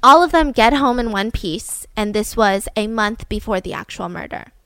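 A woman's voice: a little high, lively intonation, normal speed, fairly bright tone, clean tone, no room sound. A young woman telling a true crime story casually, chatty with lots of "like".

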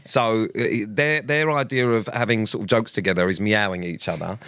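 A man's voice: lowish voice, a little fast, noisy background. A man co-hosting a podcast, chatting casually with dry, self-mocking teasing. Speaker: podcast co-host. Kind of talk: casual banter.

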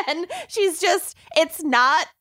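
A woman's voice: very high voice, heavy background noise. A woman hosting a podcast, chatting casually and laughing often. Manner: laughs often, drawn-out delivery. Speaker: podcast host. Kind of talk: casual chat.

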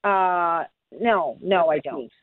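A woman's voice: on the low side, slow pace, dry recording. A woman co-host chatting playfully and expressively. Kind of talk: casual chat. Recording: tinny phone line.

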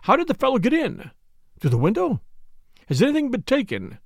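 A man voicing a rattled young secretary in a storybook mystery. He speaks high and anxious, his questions rising sharply, with a gravelly grain underneath. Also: huge pitch swings, a little fast, no echo, clean studio sound, full character voice. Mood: anxious, puzzled. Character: fussy young male secretary, shaken.

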